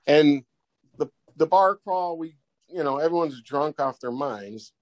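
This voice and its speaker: A man tells a long, rambling anecdote on a podcast, circling back and restarting as he goes. His voice sits a little above the usual male range, and his delivery is loose and animated. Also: fairly high pitch, measured pace. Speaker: podcast guest. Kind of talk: casual storytelling.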